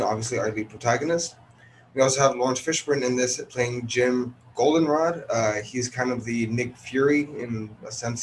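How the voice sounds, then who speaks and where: A man's voice: mid-range voice, slight background noise. Tired chatty man reviewing a movie. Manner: chatty, loose, many ums and restarts. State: tired, early morning. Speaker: podcast host reviewing movies. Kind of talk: casual solo movie review. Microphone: headphone podcast recording.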